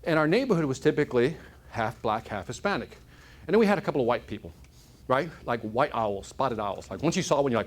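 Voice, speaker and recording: Man, motivational speaker, high and animated, comic storyteller to a live crowd. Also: moderate pace, a little hiss or hum. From Chicago, United States. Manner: energetic, joking, keeps asking "right?". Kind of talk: live keynote talk to an audience. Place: conference room with audience.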